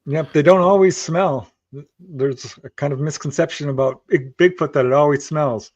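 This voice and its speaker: A man's voice: a little high, normal speed, darkish tone, breathy edge, no echo. A man hosting a podcast interview, adding brief agreeing asides. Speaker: podcast host. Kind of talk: casual interview chat. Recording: dull, lo-fi, dry sound.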